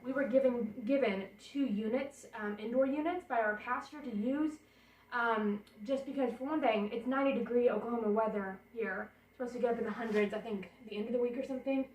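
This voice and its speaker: A woman's voice: on the high side, brisk, a little mellow. A young woman, chatting and rambling as she unpacks baby gear in her apartment bedroom for a home vlog. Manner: chatty and rambling, thinks aloud while unpacking. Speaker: vlogger. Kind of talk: casual vlog chat. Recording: roomy sound, camera a bit far off. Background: portable air conditioner hum.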